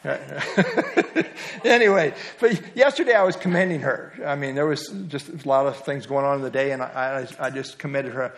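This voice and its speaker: A man's voice: medium pitch, normal speed. A middle-aged man teaching a small Bible study class in a folksy, teasing way, with a lot of fillers and restarts. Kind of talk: casual Bible lesson.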